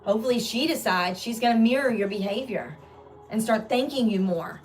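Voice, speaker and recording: A woman's voice: on the high side, a little fast, faint music behind. A woman speaking as a spiritual life coach in an earnest live talk, acting out everyday exchanges between partners as examples. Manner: earnest, acts out everyday dialogue.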